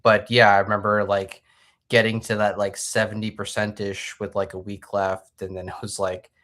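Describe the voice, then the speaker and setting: A man with a fairly low, level voice and a fairly bright tone talks at a normal speed. He's a comic book creator guesting on a podcast over a video call, chatting casually and enthusiastically about his own comics and rambling a little.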